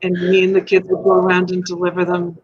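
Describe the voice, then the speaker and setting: A woman's voice: lowish voice, monotone, fast, darkish tone, husky, lo-fi sound. Woman host, middle-aged, rambling and effusive, home live stream. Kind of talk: casual live-stream chat. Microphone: USB desk mic.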